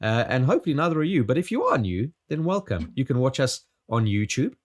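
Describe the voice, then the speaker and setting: A man hosting a casual podcast with a sore throat, rattling through the housekeeping in a quick radio-host manner with stumbles. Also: medium pitch, very animated.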